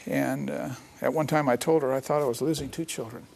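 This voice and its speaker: A man's voice: medium pitch, steady tone, brisk, creaky, darkish tone. Earnest middle-aged man telling a story. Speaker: interview guest, author. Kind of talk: personal storytelling interview.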